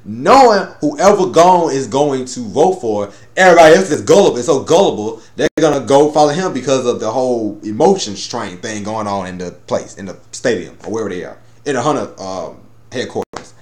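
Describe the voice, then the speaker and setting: A man's voice: medium pitch, expressive, fairly quick, darkish tone, echoey room. A man giving a casual, rambling episode review, cursing freely and acting out the characters' lines. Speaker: anime reviewer.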